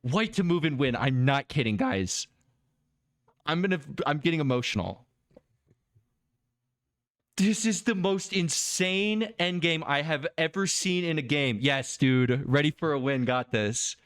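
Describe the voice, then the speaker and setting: A man streaming a chess game review, excitable and quick to exclaim and laugh as he talks to his viewers. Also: on the high side, clear, resonant tone, no room sound, studio quality.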